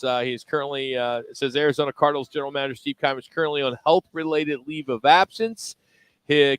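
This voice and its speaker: A man's voice: mid-range voice, a bit bright, clear, resonant tone, no room sound, poor audio. A man hosting a live sports radio show, chatting upbeat and loose with plenty of fillers. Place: broadcast from a restaurant.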